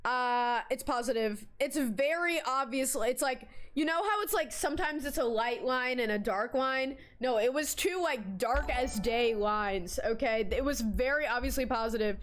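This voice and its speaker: A woman's voice: sits high, moderate pace, hardly any pauses. A young woman streamer chatting casually on a live stream, swearing freely and telling stories dramatically. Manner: animated, swearing, dramatic storyteller.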